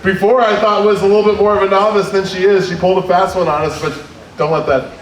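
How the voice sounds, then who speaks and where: High-voiced male comedy host, rambling. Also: flat delivery, quick pace. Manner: rambling, self-deprecating, profane. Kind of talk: casual stage banter. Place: comedy club stage. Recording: echoey live club, distant mic, crowd.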